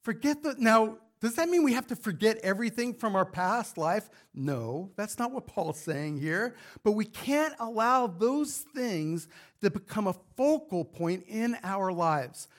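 A man's voice: sits high, lively intonation, measured pace. A male pastor preaching a fervent sermon to his congregation, building to emphatic rhetorical questions. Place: church sanctuary with congregation.

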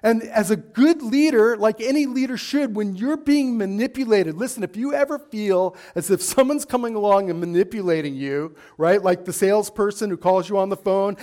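A man's voice: high voice, moderate pace, hardly any pauses, a little mellow. A pastor preaching a sermon in church, asking his congregation emphatic rhetorical questions.

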